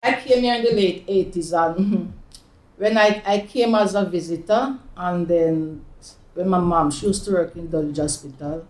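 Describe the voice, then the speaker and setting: A woman's voice: lowish voice, unhurried, a little mellow. A Jamaican woman in her fifties tells personal stories in an interview, laughing often and slipping into patois. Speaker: oral history interviewee. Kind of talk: personal storytelling. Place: community centre room. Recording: echoey room.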